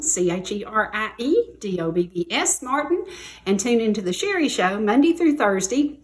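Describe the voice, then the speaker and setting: Poor audio from an echoey room, with slight background noise, captures a Southern-accented woman in her sixties from Georgia hosting a cooking show on a TV studio kitchen set. Her mid-range voice has a fairly bright tone as she chats through a folksy, homespun demonstration, emphatically repeating herself.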